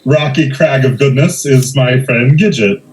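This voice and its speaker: A man's voice: medium pitch, a little slow, darkish tone, rough recording. A man playing a character at a tabletop game, playful and drawling. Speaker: player.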